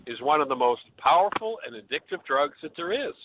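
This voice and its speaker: A man hosting a radio call-in show, calmly coaching a caller through his feelings. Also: fairly high pitch, fairly quick. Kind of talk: calm guiding talk on a call-in show. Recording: slightly dull audio with faint hiss.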